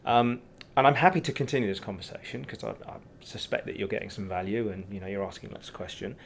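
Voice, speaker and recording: A man guesting as a business coach, telling his anecdotes briskly and chuckling at his own points. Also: on the low side, gravelly, slight background noise. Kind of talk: anecdotal interview talk.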